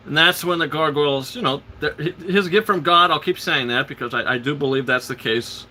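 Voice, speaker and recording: Recapping a movie on his live stream, an excited male host talks briskly with hardly any pauses, in a very bright, tense, slightly high voice. His rambling retelling is packed with "uhs" and restarts and quotes characters in passing, and there's slight background noise.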